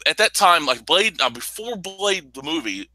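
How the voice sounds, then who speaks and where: A man's voice: on the high side, very animated, moderate pace, bright, forceful tone, no room sound, low-quality recording. A man co-hosting a casual comics chat, rambling and profane, with bursts of laughter. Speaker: podcast co-host.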